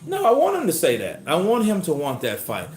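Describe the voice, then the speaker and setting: Excitable, profane boxing stream host. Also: male voice, on the high side, brisk, soft background music. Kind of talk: livestream boxing commentary. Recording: roomy echo.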